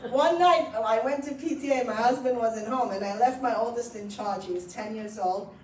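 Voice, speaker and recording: A woman's voice: a little high, fairly quick. A middle-aged woman from Iran, an author telling stories to an audience at a library event, laughing often as she talks. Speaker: author speaking at a book event. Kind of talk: storytelling talk to an audience. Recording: roomy, distant mic.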